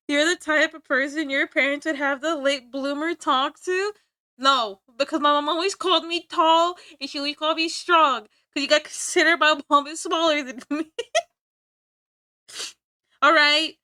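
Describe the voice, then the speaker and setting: A woman's voice: high-pitched, fairly even intonation, measured pace, long pauses, bright, forceful tone, no room sound, studio quality. A young woman streaming from home, chatting casually with her chat, play-acting anger and laughing often. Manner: playful mock-angry banter with frequent laughs.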